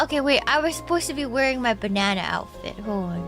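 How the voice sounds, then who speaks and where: A woman's voice: a little high, animated, fast talker, few pauses, a bit bright, faint music behind. A woman from Texas who streams, chatting casually with viewers, thanking donors and breaking into song.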